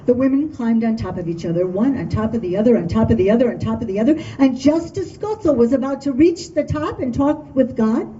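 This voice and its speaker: A woman storyteller telling a folk tale to an audience at a dinner event, in a lively, expressive way. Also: a little high, fairly quick, hardly any pauses, slight background noise. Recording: dull distant room recording with faint ambience.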